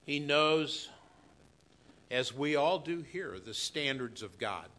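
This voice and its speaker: A man preaching a sermon in a church, slow and emphatic, swinging between loud declarations and hushed asides. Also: a little high, animated. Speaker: pastor.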